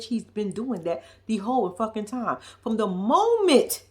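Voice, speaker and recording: In a slightly high, somewhat bright voice, a woman recaps a reality show episode for her viewers. She's blunt, sassy and profane, speaking straight to her audience and calling out the people on screen.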